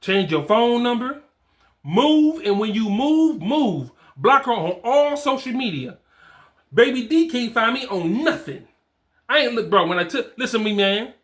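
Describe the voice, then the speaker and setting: A man's voice: very high voice, big pitch swings, measured pace, a bit bright. A man in his forties giving blunt fatherhood advice in casual slang, repeating his points for emphasis. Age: 40s. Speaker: fatherhood coach. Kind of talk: advice talk to camera.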